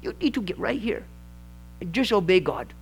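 A man's voice: sits high, lively intonation, normal speed, gravelly, slight background noise. A man doing a blunt old man in his seventies. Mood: stern. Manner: blunt, clipped commands. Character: terse elderly man in his seventies, a steady fatherly elder.

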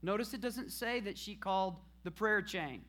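A man's voice: high-pitched, normal speed. A man preaching a sermon, asking the congregation questions and answering them himself. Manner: call-and-response preaching, rising to shouted praise at the end.

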